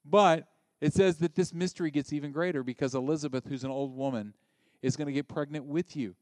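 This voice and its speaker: Male preacher, casual and joking, punchy emphasis, slightly high pitch, dry recording. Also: fairly quick, no echo. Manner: conversational and joking, with sudden loud emphatic bursts. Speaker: pastor. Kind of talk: sermon.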